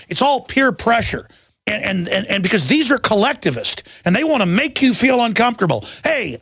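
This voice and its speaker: A man's voice: sits high, vocal fry, sharp tone, dry recording, studio quality. A middle-aged man hosting a talk radio show, ranting in an angry, combative and scornful monologue.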